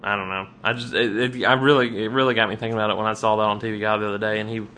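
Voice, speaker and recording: A man co-hosting a podcast in casual chat, ranting with frequent restarts and sudden jumps up in pitch. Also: rapid-fire. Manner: animated, restarts often, rants with rising pitch. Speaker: podcast co-host.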